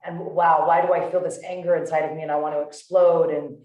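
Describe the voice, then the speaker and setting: Low-voiced woman chatting in an echoey room. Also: a little fast, recorded from a distance. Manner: animated storyteller, many "like"s and restarts. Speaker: podcast co-host. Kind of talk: casual conversation.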